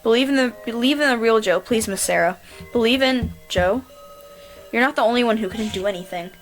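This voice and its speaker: A woman's voice: a little high, fairly quick, soft background music, lightly acted. A woman voicing an earnest, encouraging boy who pleads in a sincere way. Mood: pleading.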